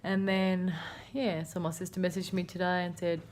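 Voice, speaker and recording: Her level, darkish voice sits on the low side and moves at normal speed, with slight background noise behind it. She's an Australian woman in her thirties, chatting and rambling with many fillers as she narrates a daily vlog from her home kitchen.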